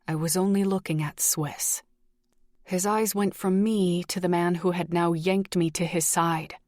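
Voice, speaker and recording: A woman's voice: lowish voice, darkish tone, no room sound, clean studio sound. A woman reading a first-person romance audiobook, acting out the dialogue in shifting voices. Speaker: audiobook narrator.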